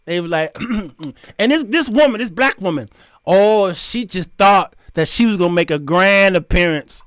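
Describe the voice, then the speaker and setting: A man hosting a comedic commentary show, telling a story in an animated way, laughing often and addressing his viewers directly. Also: sits high, measured pace, clear, resonant tone, no echo, clean studio sound. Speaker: show host.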